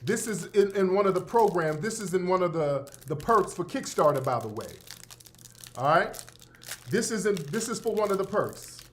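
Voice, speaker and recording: A man's voice: high voice, lively intonation, moderate pace, a little hiss or hum. A man hosting a radio show, giving brash, sarcastic commentary full of slang and repeating his points for emphasis. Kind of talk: opinionated talk-radio commentary.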